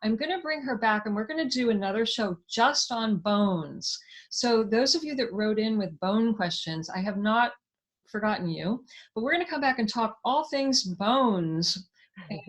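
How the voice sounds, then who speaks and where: This is a woman hosting a live online conversation, with a voice set somewhat high. She talks in an effusive, enthusiastic way, reading viewer comments aloud and thanking everyone. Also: expressive, normal speed. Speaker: host. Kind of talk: live online interview wrap-up.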